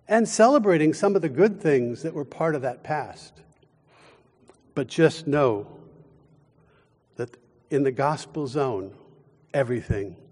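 A man preaching a sermon as pastor, with deliberate, emphatic delivery and dramatic pauses. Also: medium pitch, a little mellow, husky, long reverb tail.

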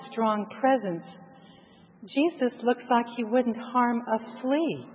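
A woman narrating a first-person guided meditation in a slow, reflective, hushed way. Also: mid-range voice, slightly rough. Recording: tinny phone-like sound with long reverb.

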